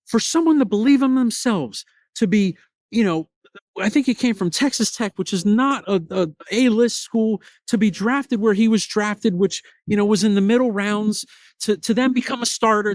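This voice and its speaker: A man hosting his own podcast, telling stories in an animated way, often restarting his sentences. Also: high voice, dry recording. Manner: animated, repetitive restarts, excited storytelling. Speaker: podcast host. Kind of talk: solo podcast storytelling.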